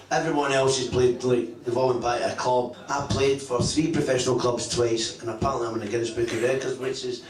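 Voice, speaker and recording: A man's voice: medium pitch, recorded from a distance. A middle-aged man, a former footballer, tells profane, self-mocking stories on stage at a live event in a function room. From Scotland. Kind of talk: live anecdote storytelling on stage. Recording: echoey room, voice picked up from afar.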